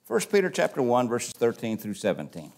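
Animated male preacher, emphatic swings. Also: medium pitch, a little fast, vocal fry. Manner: emphatic, swings from loud stresses to quiet asides, talks to the audience directly. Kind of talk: sermon.

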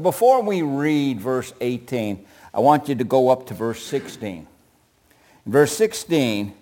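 A man's voice: mid-range voice, a little mellow. A man preaching a sermon, asking his listeners questions and answering them himself.

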